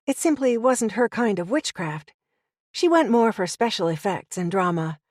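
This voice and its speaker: A woman's voice: mid-range voice, a little mellow, dry recording, clean studio sound. Woman reading a first-person audiobook. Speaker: audiobook narrator.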